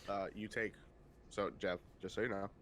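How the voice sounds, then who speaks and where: Laid-back, low-voiced male game master. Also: slight background noise. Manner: relaxed, halting narration with many fillers. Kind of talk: narrating a tabletop game over voice chat.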